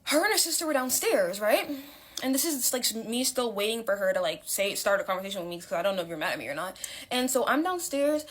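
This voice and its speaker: A woman's voice: a little high, sing-song, fast talker, a bit bright. A young woman telling a story casually, chatty with lots of fillers and dramatic swings in her voice.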